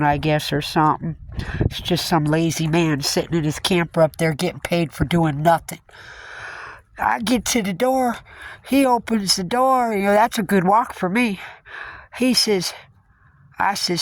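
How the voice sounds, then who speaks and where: A woman tells a story in a casual vlog. She is blunt and chatty and talks in a folksy, storytelling way. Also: on the low side. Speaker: vlogger.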